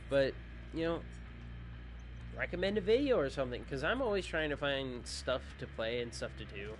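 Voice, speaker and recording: A man wraps up his gaming video, sleepy and worn out, talking in a loose, rambling way. He jokes at his own expense as he goes. His voice sits at an ordinary middle pitch, with a faint hum of noise underneath. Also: sing-song, normal speed. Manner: rambling, chatty, self-joking. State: sleepy, tired. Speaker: gaming channel host. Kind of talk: casual video outro chat.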